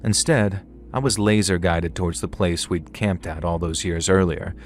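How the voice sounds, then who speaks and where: A young man narrating a first-person horror story in a measured, conversational way with casual slang. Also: low voice. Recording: faint music underneath.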